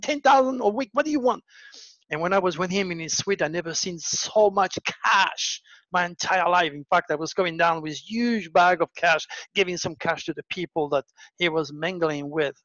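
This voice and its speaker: A man, an astrologer, telling stories in a casual monologue, acting out the voices of the people in them. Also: no echo. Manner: animated, acts out quoted voices with big pitch jumps. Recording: dull lo-fi dry recording.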